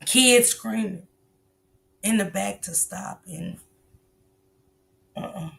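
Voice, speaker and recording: A woman's voice: medium pitch, slow, vocal fry, long pauses, a bit bright. A woman hosting a casual livestream, commenting bluntly on a clip and preaching a lesson, swearing freely. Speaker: livestream host. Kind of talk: casual commentary on viral clips.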